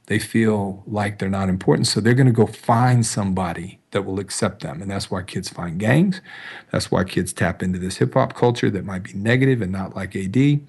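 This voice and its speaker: A man hosting an interview, telling a story in a lively conversational way and acting out the dialogue. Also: lowish voice, moderate pace, husky. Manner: animated storyteller, acts out quoted dialogue. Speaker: host.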